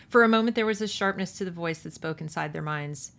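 A woman's voice: fairly low pitch, fast, vocal fry, a bit bright. A woman host reading a novel aloud and then commenting with pointed rhetorical questions. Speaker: podcast host.

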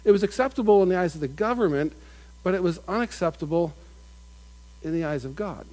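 A man's voice: high-pitched, expressive, brisk, a little mellow, low-quality recording. A man preaching a conversational sermon, often repeating and restarting his phrases. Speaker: pastor.

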